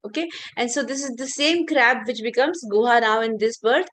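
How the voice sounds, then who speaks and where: A woman's voice: fairly high pitch, normal speed, hardly any pauses, a bit bright. A woman teacher telling a story in an online class, chatty with many fillers and questions to listeners.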